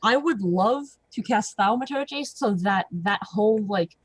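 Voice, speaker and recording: A woman's voice: medium pitch, animated, moderate pace, hardly any pauses, no room sound, rough recording. A woman player in a tabletop game, chatty and playful. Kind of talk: casual tabletop play.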